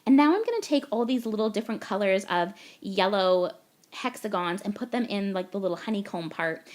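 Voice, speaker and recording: A woman's voice: medium pitch, sing-song, fairly quick. A young woman from Canada, gushing and chatty as she talks through a card-making tutorial voice-over step by step.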